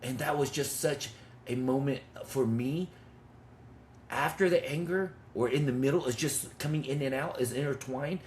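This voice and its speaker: A man's voice: medium pitch, normal speed, slight background noise. A man in his fifties telling a personal story with intensity and blunt, swearing talk, as a men's ministry leader. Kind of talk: testimony in conversation.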